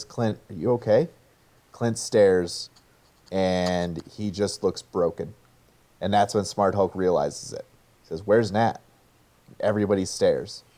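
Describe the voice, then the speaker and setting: Male narrator, low and warm, recounting a movie plot in a casual tone. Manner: recounts a film scene by scene, quoting lines.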